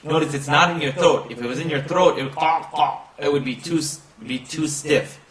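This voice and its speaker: A man with a slightly high, fairly bright voice sounds far from the mic in a roomy space. He's giving a pronunciation lesson on a recited text, drawing out each syllable slowly and chanting phrases to demonstrate.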